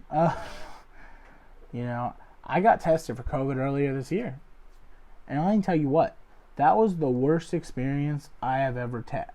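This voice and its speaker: A young man, a comedy show host, rambling through a loose joke monologue full of fillers and deadpan asides. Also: medium pitch. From Ohio area. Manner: loose, filler-heavy, deadpan jokes with acted quotes. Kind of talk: rambling stand-up style monologue.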